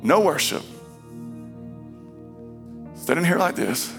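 A pastor giving an emphatic, dramatic sermon, voice rising into fervent shouts. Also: medium pitch, animated, slow pace, gravelly, music in the background. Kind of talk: energetic sermon.

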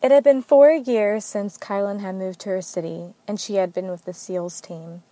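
A woman narrating an amateur story reading in a steady, plain manner. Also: medium pitch, moderate pace, no room sound.

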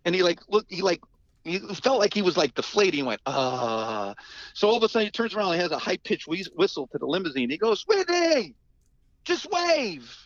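A man's voice: sits high, quick pace, highs cut off. Rambling, restart-prone man telling stories. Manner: rambling, animated, many restarts. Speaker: musician guest. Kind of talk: casual storytelling interview.

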